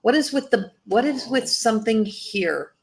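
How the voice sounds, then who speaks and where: A woman's voice: a little high, expressive, normal speed, darkish tone. A woman doing a live psychic reading as a medium, talking in a rambling way, breaking off and restarting her sentences, and laughing often.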